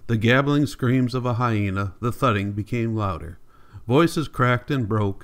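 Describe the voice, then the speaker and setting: A man narrating a classic novel as an audiobook, steady and measured. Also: mid-range voice, clear, resonant tone. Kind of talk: scripted narration.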